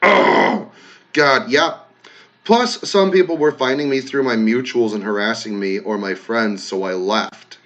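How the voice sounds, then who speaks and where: A man casually talking to his viewers, reading comments aloud, emotional and swearing freely, swinging from loud outbursts to soft, quiet thanks. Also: medium pitch, a little slow. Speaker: content creator reading comments.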